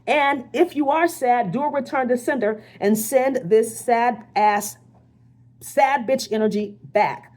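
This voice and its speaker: A woman's voice: a little high, slow, a little mellow, a little hiss or hum. Blunt, swearing woman doing a card reading. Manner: blunt and profane, with frequent check-ins to the listener. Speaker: spiritual teacher giving a card reading. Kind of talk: casual channeled card reading.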